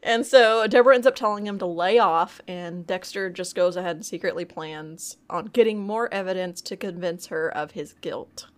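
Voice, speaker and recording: A woman's voice: lowish voice, moderate pace, few pauses. A woman co-hosting a podcast, casually retelling TV episodes and acting out the characters' lines. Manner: lively retelling, swears, acts out lines. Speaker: podcast co-host. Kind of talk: casual recap chat.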